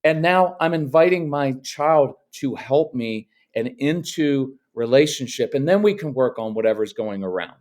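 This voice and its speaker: Man, middle-aged, parenting coach, podcast interview, firm, even, matter-of-fact. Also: mid-range voice, moderate pace, hardly any pauses.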